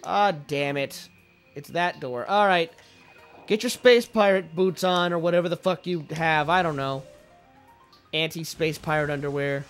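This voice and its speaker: A young man casually commentating a video game, joking and swearing, with sudden goofy shouts. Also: a little high, a little slow, smooth, faint music behind. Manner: joking, profane, playful bursts of goofy shouting. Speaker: let's play gamer.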